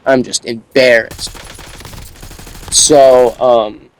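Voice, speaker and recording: A man's voice: mid-range voice, fairly even intonation, very slow, poor audio. A young adult man telling a casual storytime monologue, rambling with repeated words, restarts and slang.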